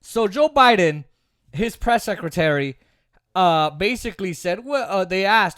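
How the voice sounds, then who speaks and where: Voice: medium pitch, lively intonation, measured pace, a bit bright, clear, resonant tone, no echo, studio quality. A political commentary host giving a sarcastic, opinionated monologue, repeating points for emphasis. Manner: sarcastic, mocks opponents in put-on voices.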